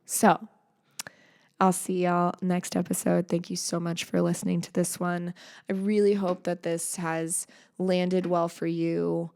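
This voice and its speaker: Female podcast host, earnest and encouraging monologue, vocal fry throughout. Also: lowish voice, little pitch movement, unhurried. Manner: earnest, reflective and encouraging, with soft trailing phrases.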